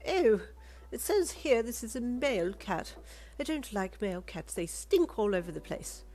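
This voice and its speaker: A woman's voice: on the high side, big pitch swings, measured pace, faint music behind, pitched above the performer's own voice. A woman voicing a snobbish, pompous older wealthy woman who speaks with disdain. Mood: haughty.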